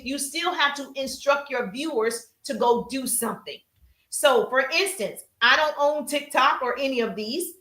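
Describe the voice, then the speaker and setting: A woman coaching a live-stream audience on business, with a high, bright voice and a punchy, emphatic delivery. She greets her viewers in the chat as she goes. The room sounds echoey. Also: normal speed. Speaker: social media business coach.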